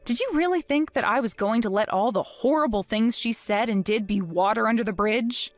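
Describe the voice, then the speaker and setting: A woman's voice: fairly high pitch, a little fast, no room sound, soft background music, close to an everyday voice. A woman voicing a vengeful young wife in a dramatized story, cold and taunting with mock innocence. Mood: scheming.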